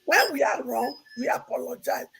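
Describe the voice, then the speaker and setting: A woman on a debate panel, her voice high and gravelly. She argues in an emphatic shout and sounds close to tears as she presses her point. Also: big pitch swings, normal speed, a loud crowd, rough recording.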